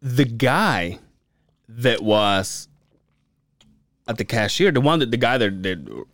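A man's voice: mid-range voice, big pitch swings, slow, a bit bright, no echo. A man co-hosting a podcast in casual chat, telling stories animatedly, laughing often and swearing freely. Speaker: podcast co-host.

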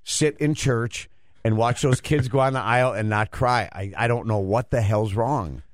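A middle-aged man hosting a radio show, rambling and halting as he tells a story in casual banter. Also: mid-range voice, no echo, studio quality. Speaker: radio host.

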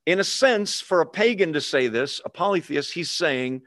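A man's voice: a little high, lively intonation, normal speed, few pauses, a bit bright, dry recording, studio quality. A man preaching a sermon in a conversational teaching way, often putting questions to the congregation. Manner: asks the congregation questions, call and response. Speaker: pastor.

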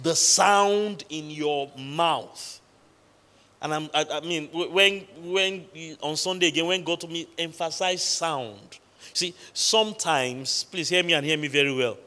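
A man's voice: fairly high pitch, sharp tone. Preaching man in a reverberant hall. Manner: preaching with emphatic pauses and repeated questions to the congregation. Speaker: pastor. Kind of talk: sermon. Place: large church hall.

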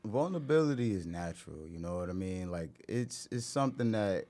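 A man guest on a podcast, speaking in a reflective, halting way with many restarts and AAVE phrasing. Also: deep voice, animated, warm tone. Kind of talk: casual chat.

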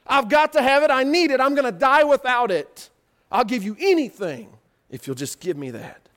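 A man's voice: high-pitched, wildly swooping pitch, moderate pace, exaggerated voice. A preacher acting out a starving young man who begs for food and will trade anything for it, in a melodramatic, pleading way. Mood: desperate. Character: starving desperate young man trading away his birthright.

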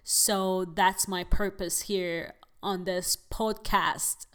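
A woman's voice: fairly low pitch, fairly even intonation, very slow, a bit bright. A young adult woman from the United Arab Emirates hosting a podcast, talking casually to her listeners and often using fillers like "like" and "you know". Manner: chatty, addresses listeners as guys, frequent fillers. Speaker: podcast host.

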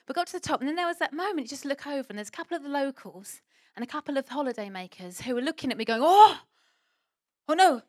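A woman preaching a sermon and telling a lively personal story, acting out what people said. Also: high voice, racing, hardly any pauses, no room sound. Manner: animated storytelling, acts out quoted voices.

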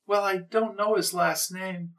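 A man putting on a shrill, nosy old woman neighbor. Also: steady tone, a little slow, fairly bright tone. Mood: gossiping. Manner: shrill, prying and scolding.

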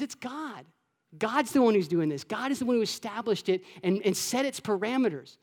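A man from Florida preaching a sermon to his church, animated, acting out voices and dropping to a hush at times. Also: high-pitched. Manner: animated, acts out God's voice and his own childhood taunts, with soft hushed stretches. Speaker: pastor. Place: church sanctuary with long reverb. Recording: echoey church hall.

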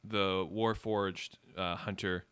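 Deep-voiced male game master, slow and vivid, clear tone. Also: steady tone, fairly bright tone, no room sound. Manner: unhurried, vivid scene-setting with many fillers. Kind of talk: narrating a tabletop game.

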